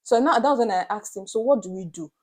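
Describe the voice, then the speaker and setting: A woman's voice: a little high, quick pace. Nigerian woman telling a dramatic story. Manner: animated, dramatic retelling with Pidgin asides. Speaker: vlogger. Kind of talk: storytelling to camera.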